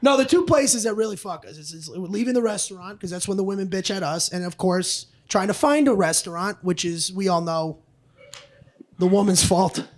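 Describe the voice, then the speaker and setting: A man doing a stand-up comedy set on a club stage, loud and profane, acting out both sides of arguments. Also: sits high, normal speed. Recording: live club recording with audience noise.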